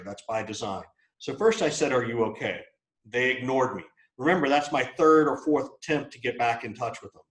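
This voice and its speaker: A man's voice: mid-range voice, reverberant, poor audio. A man giving a live sales training, talking bluntly and casually with plenty of fillers. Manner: blunt and conversational, with many fillers. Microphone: video call.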